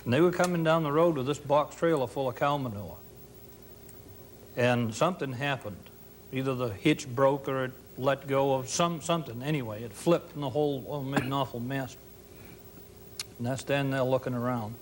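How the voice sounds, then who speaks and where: A man's voice: medium pitch, normal speed, a little hiss or hum. Easygoing man with dry humor. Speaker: storyteller. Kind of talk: folksy storytelling.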